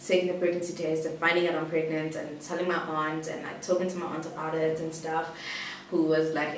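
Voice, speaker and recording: A young woman from South Africa telling a personal story to camera, rambling and giggly, with many "like" fillers. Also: low-pitched. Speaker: vlogger. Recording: roomy echo, distant mic, faint hiss.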